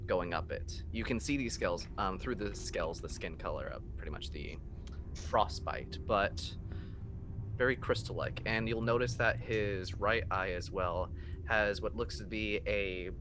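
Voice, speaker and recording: A man's voice: on the low side, a little slow, background noise. A man narrating as game master, with loose, rambling descriptions full of fillers.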